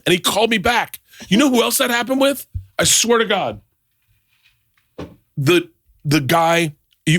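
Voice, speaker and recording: A man's voice: medium pitch, no room sound, clean studio sound. A middle-aged man hosting a podcast, telling stories casually and acting out both sides of conversations. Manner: animated storyteller, acts out both sides of phone calls. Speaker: podcast host. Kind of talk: casual storytelling chat.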